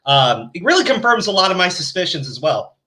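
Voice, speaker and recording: A man's voice: high voice, big pitch swings, brisk, bright, forceful tone, low-quality recording. A man hosting a livestream, chatting casually and joking with lots of swearing and laughter. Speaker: stream host.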